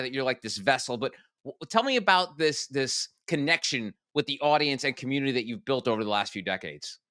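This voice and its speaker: Bright-voiced man hosting an interview. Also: fairly high pitch, no room sound, clean studio sound. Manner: chatty, joking, many fillers. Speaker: podcast host. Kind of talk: casual interview.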